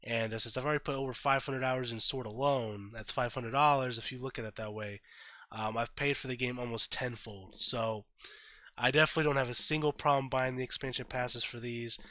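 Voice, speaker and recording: A man's voice: medium pitch, fairly even intonation, fairly quick, sharp tone, no echo, muffled recording. A man doing casual reaction commentary on a game, thinking aloud with lots of fillers and the odd blunt curse. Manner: blunt and profane when annoyed. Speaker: gaming YouTuber.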